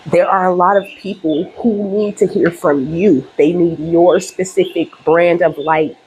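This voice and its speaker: A woman with a low voice talks straight to her viewers in a casual spiritual reading. She is chatty and emphatic and speaks from the heart. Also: fairly even intonation, unhurried, darkish tone, slight background noise, low-quality recording. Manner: heartfelt, openly emotional. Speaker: spiritual reader and channel host.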